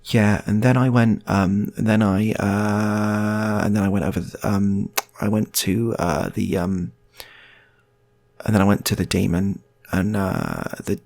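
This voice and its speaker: A man voicing a gaunt, decrepit man back from the dead who talks slowly and rambles with many fillers. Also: a little high, expressive, breathy edge, voice pushed up, exaggerated voice. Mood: rambling. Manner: slow, halting and rambling.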